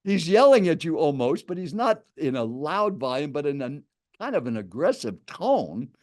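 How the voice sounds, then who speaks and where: A man's voice: on the high side, sing-song, moderate pace, darkish tone. An older man, a professional speaker, animatedly telling a story in an interview and acting out the dialogue.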